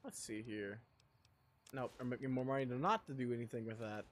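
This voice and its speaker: A man's voice: medium pitch, steady tone, a little fast, slight background noise. A man streaming a game live, rambling casually and talking with his chat in a self-deprecating way.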